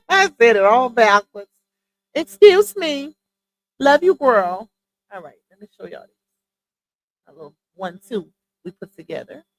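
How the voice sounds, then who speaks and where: Speaking through earphones with a mic in a low-quality recording, this woman runs a casual gossip commentary livestream from home. Her voice is fairly high and very animated, with a measured pace and frequent pauses, as she addresses viewers directly as "y'all" and "child."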